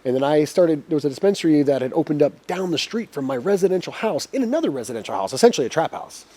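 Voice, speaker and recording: A man in his forties telling a long, profane story as a podcast guest, energetic and swearing freely. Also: a little high, quick pace, no room sound. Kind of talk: casual storytelling.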